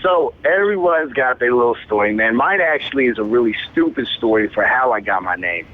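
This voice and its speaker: A young man in his twenties tells his story in loose, profane street slang, tacking "man" onto nearly every sentence. He speaks at a mid pitch as a rapper being interviewed. The sound is thin and tinny, like a phone line. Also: lively intonation, brisk. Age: 20s. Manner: laid-back, profane street slang, says "man" constantly. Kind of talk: casual storytelling.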